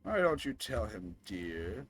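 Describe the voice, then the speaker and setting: A man's voice: lowish voice, sing-song, takes it slowly, a bit bright, soft background music, exaggerated voice. A man voicing a scheming villain father in a dating game, gloating and menacing.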